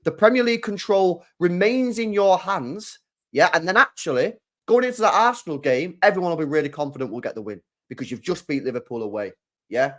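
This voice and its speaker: A man's voice: sits high, lively intonation, fairly quick. A young man hosting a live football watchalong, making his points emphatically and repeating them. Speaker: host.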